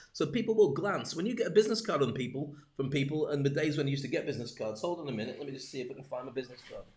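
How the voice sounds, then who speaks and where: Lively, joking man coaching on business. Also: a little high, gravelly. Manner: lively, jokey, talks straight to camera. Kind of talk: live-streamed business talk.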